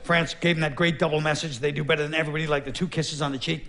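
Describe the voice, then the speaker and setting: A man's voice: a little high, level tone, very fast, pushed and bright. A man performing a sardonic stand-up comedy routine on stage before a laughing audience. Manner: wry, sardonic, conversational.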